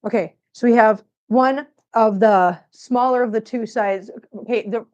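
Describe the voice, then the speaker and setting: A woman's voice: fairly high pitch, unhurried, a little mellow, muffled recording. A woman from Missouri hosting a casual livestream from home on a laptop mic, chatting and rambling and cooing baby talk to her cats. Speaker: cat channel host. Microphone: laptop microphone.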